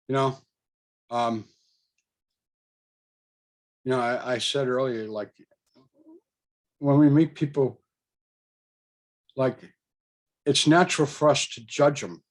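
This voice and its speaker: A man's voice: medium pitch, steady tone, slow pace, pauses often. A man casually telling a personal story, rambling with fillers, restarts and chuckles. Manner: chuckles between thoughts. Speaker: storyteller recounting a personal experience.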